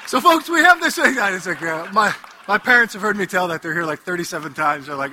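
A man preaching as a Catholic priest to a live audience, an animated, joking storyteller speaking into a headset mic. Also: sits high, a little fast, background noise. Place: hall before an audience.

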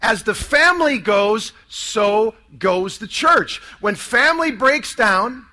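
A man's voice: sits high, expressive, slow, bright, forceful tone. A man preaching a sermon to a live audience, emphatic and calling for responses.

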